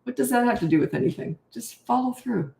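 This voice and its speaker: A woman's voice: fairly high pitch, lively intonation, brisk, vocal fry, mellow, echoey room. An older woman coaching parents, answering viewer questions in a blunt, emphatic way and repeating her key points.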